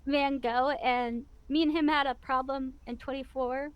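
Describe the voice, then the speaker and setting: Chatty high-voiced woman with a Missouri accent. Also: normal speed, clear, resonant tone, no room sound, lo-fi sound. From US Midwest. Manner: chatty, rambling, animated. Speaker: guest VTuber. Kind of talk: casual interview chat.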